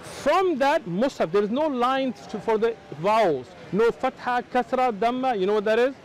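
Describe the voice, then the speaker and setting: A man's voice: moderate pace, low-quality recording. An American man in a heated street debate, insistent and interrupting, explaining points at length. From United States. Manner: insistent, interrupting, explaining with rising animated pitch. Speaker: Muslim street preacher.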